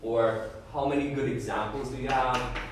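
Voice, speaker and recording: A man's voice: mid-range voice, steady tone, normal speed. Lecturing man in an echoey room. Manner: explains with repeated checks like "okay?" and "right?". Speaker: debate lecturer. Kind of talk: classroom lecture. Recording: echoey room, voice far from the mic, faint background noise.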